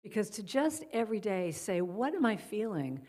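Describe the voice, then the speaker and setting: A middle-aged woman speaking as a guest at a church service, softly guiding listeners and telling stories. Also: medium pitch, sing-song, moderate pace. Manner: gentle, guiding a breathing exercise then storytelling. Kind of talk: spiritual talk at a church service. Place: church sanctuary.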